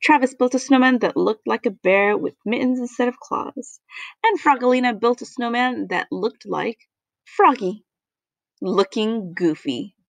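Playful woman reading a kids' picture book aloud, animated, slightly high voice. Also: measured pace, vocal fry, dry recording. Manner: animated, playful, with sound effects. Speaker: storybook reader.

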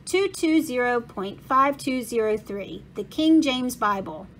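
A woman's voice: fairly high pitch, lively intonation, measured pace, slight background noise. A woman reading the part of a methodical schoolboy who explains things step by step in a storybook read-aloud. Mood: focused.

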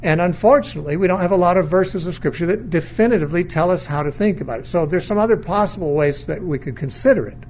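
Speaking quickly with hardly any pauses, a middle-aged man with a high, darkish voice teaches a Bible lesson in a sermon lecture, and a little hiss or hum sits under the recording. He questions and weighs views undogmatically, reasoning aloud and often restarting sentences.

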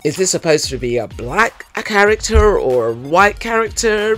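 A man hosting an audiobook review show, reading a scripted review in a playful, cheeky way that turns loud and emphatic when he rants. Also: on the high side.

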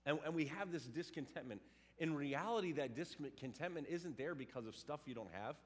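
Male pastor, animated sermon delivery, slightly higher voice. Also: brisk. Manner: animated, acts out quotes and sounds.

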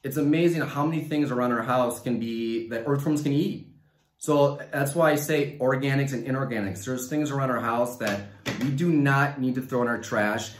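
A man's voice: medium pitch, moderate pace. Enthusiastic Mexican-accented man, echoey stage. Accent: Mexican Spanish. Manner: enthusiastic, upbeat. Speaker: science communication finalist. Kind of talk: science talk and audience Q&A.

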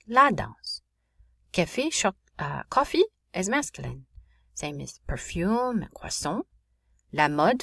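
A woman teaching a French grammar lesson in a clear, explanatory voice. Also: mid-range voice, dry recording, clean studio sound. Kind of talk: recorded classroom lesson.

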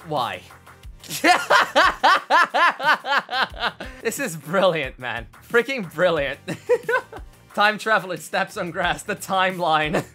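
A man's voice: high-pitched, expressive, measured pace, bright, forceful tone, soft background music. A young Australian man streaming, reacting to fan memes in casual chat, laughing often and swearing freely.

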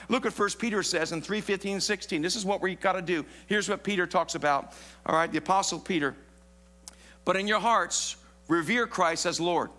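A man preaching a sermon in a church, animated and playful, joking with the congregation. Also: high-pitched. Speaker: pastor. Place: church sanctuary. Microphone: live broadcast mic.

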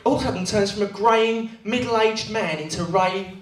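High-voiced comic, echoey room. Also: male voice, moderate pace, heavy background noise. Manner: self-deprecating storytelling with character voices. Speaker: stand-up comedian. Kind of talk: stand-up comedy routine. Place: comedy venue. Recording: echoey venue, heard from far off, crowd laughing.

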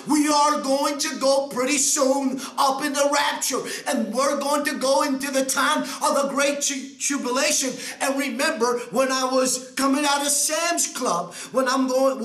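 A man preaching an impassioned prophetic sermon, often shouting and repeating his phrases for emphasis. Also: very high-pitched, reverberant.

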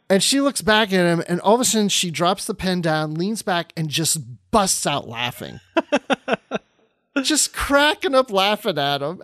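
Guy cohost on a podcast, lively storytelling, acts out the quotes, dry room. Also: high voice, moderate pace, no room sound. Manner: animated anecdote teller, acts out quotes with laughter. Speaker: podcast co-host. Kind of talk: casual chat, storytelling.

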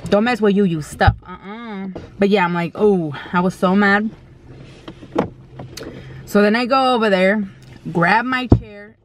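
A woman's voice: medium pitch, measured pace, long pauses, noisy background. A woman vlogger telling a story in a casual, blunt way, with slang and mild swearing, while she eats. She acts out quoted lines in a raised, exclaiming voice.

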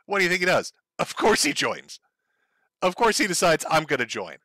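A man's voice: sits high, huge pitch swings, normal speed, bright, forceful tone, dry recording. A man hosting a stream, giving mocking commentary over clips and laughing often. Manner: laughs often, sneering and gleeful. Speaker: streamer host.

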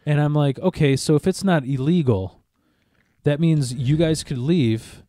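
A podcast co-host with a slightly high voice tells a long story in casual chat at a measured pace. He's animated and swears a lot while acting out what others said, and the studio-quality audio has no room sound.

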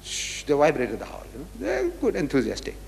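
Emphatic lecturer, hall echo. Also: male voice, fairly high pitch, wildly swooping pitch, a little fast, vocal fry, darkish tone. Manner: emphatic, rhetorical, drives points home with repeated questions. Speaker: religious lecturer. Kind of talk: public lecture to an audience. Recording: reverberant lecture hall recording.

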